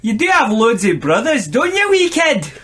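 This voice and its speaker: A man's voice: extremely high pitch, huge pitch swings, normal speed, sharp tone, slightly rough, voice pushed up, exaggerated voice. A man reading a comic story aloud, putting on a Scottish accent for a hearty judo teacher. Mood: teasing. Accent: put-on Scottish. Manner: hearty, teasing, sounded out.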